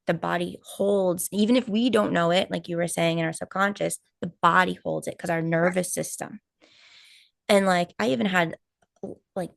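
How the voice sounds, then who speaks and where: A woman co-hosting a live stream, telling a personal story in casual chat, animated and full of fillers and quoted asides. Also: on the low side, creaky, no echo, studio quality. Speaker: co-host of a spiritual healing live stream.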